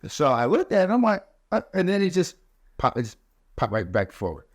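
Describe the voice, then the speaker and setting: A man, a podcast guest, telling his story in a relaxed, casual way with many fillers, and growing animated as he relives the events. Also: brisk, no room sound, clean studio sound. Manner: animated, rising pitch when reliving events.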